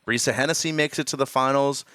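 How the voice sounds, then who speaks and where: Smooth-voiced male co-host analyst. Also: medium pitch, fairly even intonation, quick pace, pushed and bright, no room sound, studio quality. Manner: rambling, filler-laden, upbeat. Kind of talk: casual analysis chat.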